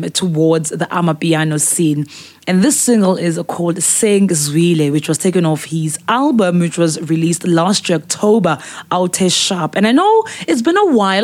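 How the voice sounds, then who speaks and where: A woman hosts a casual music podcast, recommending songs with chatty enthusiasm and plenty of filler words. Her voice is lowish and slightly mellow.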